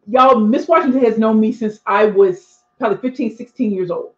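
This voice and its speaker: A speaking coach in her forties chats live with her viewers, reading their comments and addressing them directly. Her voice is fairly high and a little fast. The sound is dull and lo-fi, with an echoey room.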